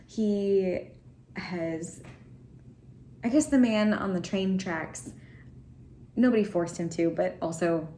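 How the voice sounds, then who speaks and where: A woman's voice: fairly low pitch, a little mellow. Chatty woman vlogging about a book. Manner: chatty and rambling, with frequent ums and laughs. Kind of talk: casual book discussion. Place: home with cats and laundry running. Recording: echoey home room with faint noise.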